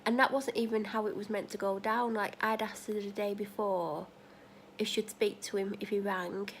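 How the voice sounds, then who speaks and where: A woman's voice: medium pitch, flat delivery, moderate pace, slight background noise. A woman chatting casually in a vlog, rambling through run-on asides and retelling conversations. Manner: retells conversations, acting out both sides. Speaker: vlogger.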